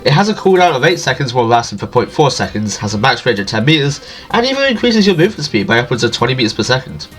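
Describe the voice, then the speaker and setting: A man's voice: medium pitch, very animated, quick pace, hardly any pauses, fairly bright tone, faint music behind. A man with a nasal, allergy-stuffy voice reading a scripted gaming guide as a voice-over, jokey and self-deprecating. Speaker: video game guide creator.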